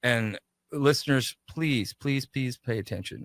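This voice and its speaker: A man's voice: medium pitch, moderate pace, no echo. A man, a shop owner and guest on a radio show, telling a story in a casual interview and acting out the voices of the people in it. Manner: animated, acts out quoted dialogue.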